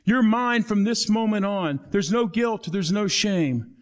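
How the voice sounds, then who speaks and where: Man, high voice, pastor preaching, animated storytelling with hushed low moments. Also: measured pace. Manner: animated, acts out Bible dialogue, drops to soft low tones for emphasis. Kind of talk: sermon.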